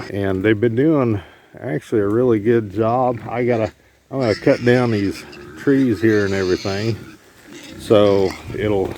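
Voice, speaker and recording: A man's voice: medium pitch, a little mellow. A middle-aged man casually narrating his farm chores outdoors, rambling with lots of fillers, recorded on a handheld camera. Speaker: homesteader vlogger. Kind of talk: casual vlog narration while doing chores. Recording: noisy outdoor camera audio. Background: animals and a vehicle.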